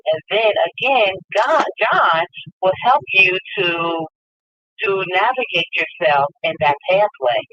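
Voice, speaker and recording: A man's voice: on the high side, dry recording. Earnest man on a muffled line. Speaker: caller on a talk show. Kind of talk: casual explanatory talk.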